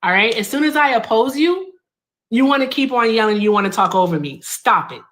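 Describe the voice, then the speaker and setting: A woman's voice: on the high side, animated, brisk. A young woman hosting a heated debate, blunt and combative, cutting in with commands. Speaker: host.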